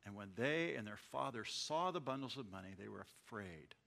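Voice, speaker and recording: A man gives a verse-by-verse sermon, reading scripture and then explaining it in a chatty way. His voice is bright and forceful, and he often restarts his words as he talks it through. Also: on the low side, expressive, moderate pace, gravelly. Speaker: Bible teacher.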